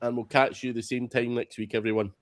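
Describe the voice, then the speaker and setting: British man, podcast host, dry matter-of-fact delivery, middle-pitched voice. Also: little pitch movement, fairly quick. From United Kingdom. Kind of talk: casual chat.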